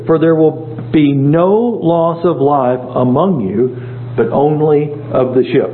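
A man's voice: fairly high pitch, takes it slowly. A man leading an informal Bible study, talking conversationally and asking his group questions. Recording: echoey room, tinny phone-like sound, faint hum.

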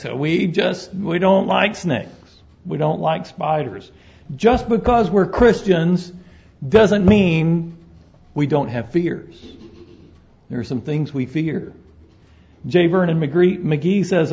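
A man's voice: fairly high pitch, measured pace, gravelly, darkish tone. A man preaching a sermon as pastor, folksy and conversational, joking with his congregation, on a dull lo-fi recording.

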